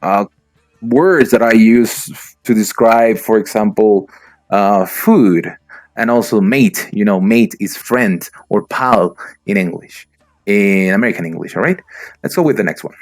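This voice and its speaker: A man's voice: fairly low pitch, unhurried. Man teaching slang with rhetorical questions. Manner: explains with rhetorical questions and acted-out quotes. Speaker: English teacher. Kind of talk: casual explanatory lesson. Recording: faint background music.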